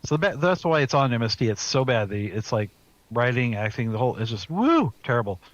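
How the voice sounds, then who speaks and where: A man's voice: medium pitch, brisk, no room sound, muffled recording. A man co-hosting a podcast, laid-back and casual in his chat. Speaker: podcast co-host.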